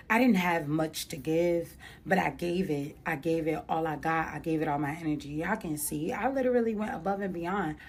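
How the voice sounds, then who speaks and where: A young woman tells a personal story in an earnest, colloquial, heartfelt way. Her voice is notably low. A faint ambient noise sits behind her. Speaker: makeup artist.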